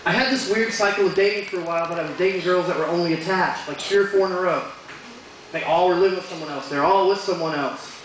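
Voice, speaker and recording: High-voiced man doing crude stand-up. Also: fast talker, background noise. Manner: crude deadpan punchlines. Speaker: stand-up comedian. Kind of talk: stand-up comedy set. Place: bar stage with live audience. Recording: echoey bar room from far off.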